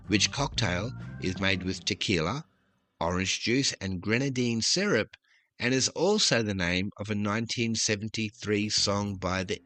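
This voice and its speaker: An Australian man hosting a trivia podcast, chatty and upbeat as he reads out quiz questions. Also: on the low side.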